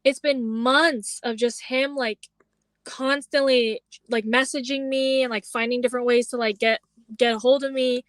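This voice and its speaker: A woman's voice: fairly high pitch, fairly even intonation, normal speed, dry recording. Chatty young woman telling a story. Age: young adult. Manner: chatty storytelling, heavy use of "like", acts out quoted lines. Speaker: podcast co-host. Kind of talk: casual chat.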